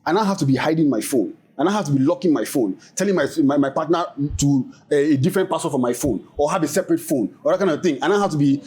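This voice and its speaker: Nigerian guy rattling off a story, kinda husky, voice sits a bit high. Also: fast talker, few pauses. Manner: animated storyteller, mixes in pidgin. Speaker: panel cast member. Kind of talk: casual panel chat.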